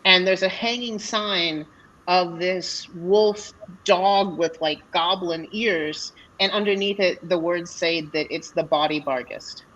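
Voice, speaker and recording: A woman's voice: fairly low pitch, slow pace, a bit bright, muffled recording, a little hiss or hum. A woman narrating as the dungeon master of a tabletop game, talking casually with plenty of fillers and restarts. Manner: chatty, hesitant, many fillers and restarts. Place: live convention panel or online session.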